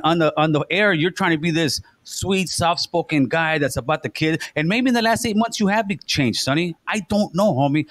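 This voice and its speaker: A man's voice: high voice, a bit bright, no room sound. A man hosting a talk show, accusing and profane, repeating himself in a heated argument. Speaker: podcast host. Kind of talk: heated confrontation.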